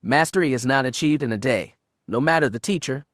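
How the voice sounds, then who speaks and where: A man reading the part of an ancient male Sith spirit bound in an amulet, speaking quietly with an archaic accent and a hiss. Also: mid-range voice, brisk, dry recording, clean studio sound, close to an everyday voice. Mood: cold. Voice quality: quiet, hissing.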